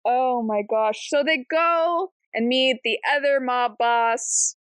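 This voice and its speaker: A woman's voice: high-pitched, slow pace, smooth, no echo. A woman co-hosting a book club podcast, chatting casually and animatedly about a novel, often acting out characters' lines.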